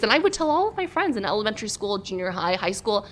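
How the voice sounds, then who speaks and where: A woman journalist, a podcast guest, chatting casually and telling lively stories about her life, from Southern California. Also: mid-range voice, fast talker, a little hiss or hum. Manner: lively, animated storytelling. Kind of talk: casual interview chat.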